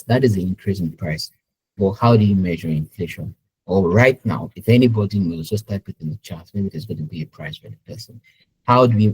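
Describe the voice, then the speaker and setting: Deep, husky man teaching online. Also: warm tone, rough recording. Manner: conversational, asks the audience questions and tags lines with "right?". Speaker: webinar presenter, business intelligence specialist. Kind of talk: live online teaching webinar.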